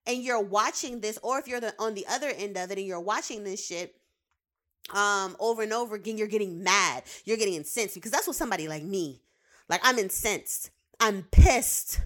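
A woman's voice: mid-range voice, brisk, bright, forceful tone. A woman giving a heated, profane commentary, repeating words for emphasis; she works in the behavioral sciences. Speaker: behavioral science professional with clients. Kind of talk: casual ranting commentary.

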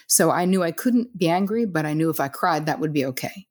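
Low-voiced woman guest, lively storyteller. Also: a little fast. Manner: lively storyteller, acts out dialogue, casual swearing. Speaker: psychotherapist and author as guest. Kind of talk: casual interview chat.

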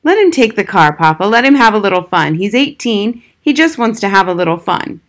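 A woman reading aloud voices a big, slow-thinking older brother who speaks calmly and steadily. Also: mid-range voice, natural voice. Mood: calm pleading.

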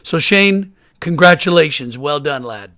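A man's voice: fairly high pitch, expressive, measured pace, music in the background. An older man hosting a golf podcast, chatting casually and telling stories in a friendly way. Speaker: podcast host.

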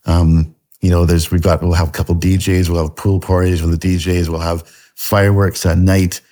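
A man with a low voice and a Canadian accent carrying a faint Scottish lilt. He talks casually as a podcast guest. His sentences stop and restart around many fillers. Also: level tone, mellow. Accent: Canadian with a slight Scottish tinge. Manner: halting, many fillers and restarts, laughs often. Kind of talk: casual interview chat.

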